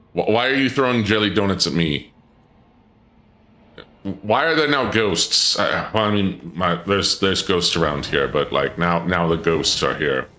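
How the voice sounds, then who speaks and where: A man live-streaming, chatting with his viewers in an excitable, stammering way, his voice often leaping up when surprised. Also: low-pitched. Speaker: livestreamer. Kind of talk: live-stream chat banter. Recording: echoey room with game music behind.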